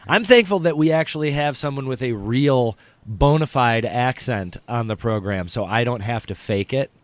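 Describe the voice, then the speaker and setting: Male comedian host, mid pitch, rambling and animated, dry close sound. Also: normal speed, no room sound. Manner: animated, rambling, with many fillers. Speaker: podcast host and stand-up comic. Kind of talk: casual comedic chat.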